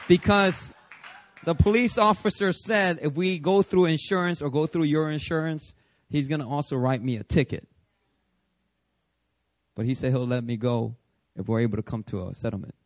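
Guy preaching, animated storytelling, fairly high voice, dry close sound. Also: normal speed, no echo. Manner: animated storytelling, acts out his own prayers. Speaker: pastor. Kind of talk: sermon.

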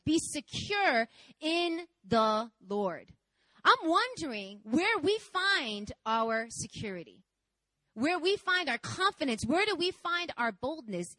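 A woman's voice: sits high, no room sound, poor audio. Candid young woman preaching a sermon. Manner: candid, animated, conversational. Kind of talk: sermon with personal storytelling. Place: church service.

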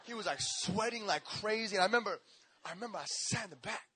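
A young man preaching a sermon as pastor, telling his own testimony in an animated, slangy way, acting out voices and swinging between laughter and shouts. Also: high-pitched, quick pace, a crowd in the background.

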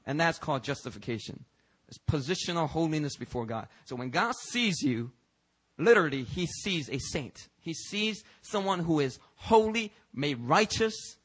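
A man preaching a church sermon in a conversational, emphatic way, with fillers and restarts and swings between loud highs and quiet lows. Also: expressive, moderate pace, husky, low-quality recording. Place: church service.

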